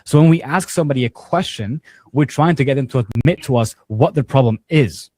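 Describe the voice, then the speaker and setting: Male sales coach leading a team call; rapid, casual delivery with a warm, low-bright tone. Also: dry recording. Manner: conversational, talks with hands-on examples and casual fillers. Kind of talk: live group training call.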